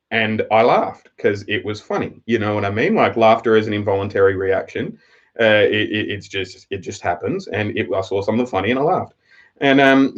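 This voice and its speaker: A man's voice: fairly low pitch, dull audio. A young adult man, hosting a live stream and telling a rambling story with lots of swearing. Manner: profane, rambling, animated storytelling. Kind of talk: casual storytelling monologue.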